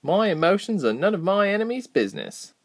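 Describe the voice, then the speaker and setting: A man's voice: high-pitched, big pitch swings, a little fast, voice pushed up, heavily acted. A man voicing a fierce, fire-wielding young woman warrior who talks curtly and commands others. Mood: guarded.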